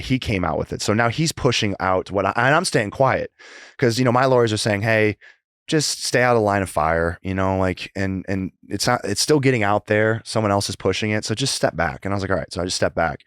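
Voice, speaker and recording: A man's voice: on the low side, a little fast, clear, resonant tone, no room sound, clean studio sound. A man in his thirties, a podcast guest, telling his story in a rambling casual way with many restarts. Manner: rambling, frequent restarts, acts out remembered conversations. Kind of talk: casual interview conversation.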